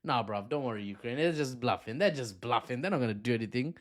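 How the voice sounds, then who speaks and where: A man's voice: medium pitch, expressive, quick pace, natural voice. A man doing an offhand, slangy ally. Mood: dismissive. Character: dismissive European ally man, slangy and casual.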